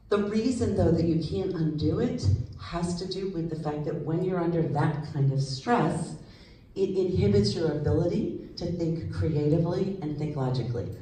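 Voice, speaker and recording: A woman psychologist giving a lively, conversational stage talk to an audience, asking them questions as she goes. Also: fairly low pitch, slight background noise. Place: large hall with audience. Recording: echoey hall, voice slightly distant.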